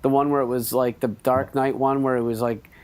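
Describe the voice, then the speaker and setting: A man co-hosting a podcast in a casual movie chat, grumpy and flatly dismissive. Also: medium pitch, brisk. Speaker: podcast co-host.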